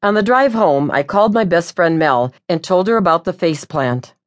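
A woman narrating a first-person audiobook in a wry, lively way. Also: on the low side, normal speed.

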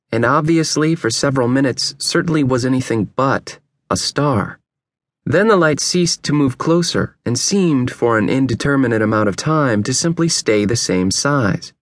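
A man reading a teen novel aloud as an audiobook narrator, telling the story in a steady, even way. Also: medium pitch, no room sound. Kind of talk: scripted narration.

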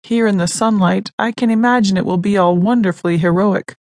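A woman reading the part of a calm, gentle young man, speaking to his mother in a soft, measured way. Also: medium pitch, no echo, natural voice. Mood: fearful.

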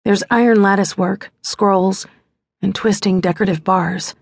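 A woman's voice: medium pitch, steady tone, unhurried, no echo. A woman narrating a first-person romance audiobook in a wry, intimate storytelling manner on a close studio mic.

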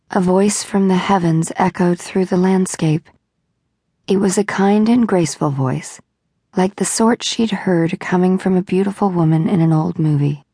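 A woman reading a children's novel aloud in a calm storytelling manner. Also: lowish voice, normal speed, gravelly, husky, dry recording. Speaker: audiobook narrator. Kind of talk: scripted narration. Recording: dry close studio sound.

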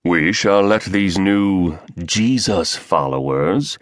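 A smug, scheming British conspirator with a deep baritone, as a man plays him, laying out sinister plans in a measured, sneering delivery. The voice sits dry and close, and his pitch swings widely as he leans into each point. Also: big pitch swings, dry recording.

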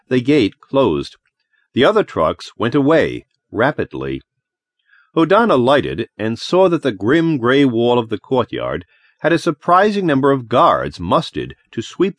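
A man reads an audiobook in an expressive, dramatic storytelling manner. His pitch moves a lot from line to line. The studio sound is close and dry. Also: dry recording. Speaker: audiobook narrator. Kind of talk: scripted narration.

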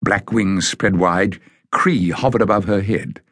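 A man narrating a children's fantasy audiobook in a measured, deliberate way. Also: deep voice, a bit bright, dry recording, studio quality. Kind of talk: scripted narration of a children's novel.

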